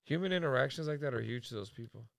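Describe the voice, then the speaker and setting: A man from Canada co-hosting a casual podcast, telling stories in a lively way and swearing freely. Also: mid-range voice, fast talker, creaky, dry recording, clean studio sound. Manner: storytelling, animated, swears freely. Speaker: podcast co-host.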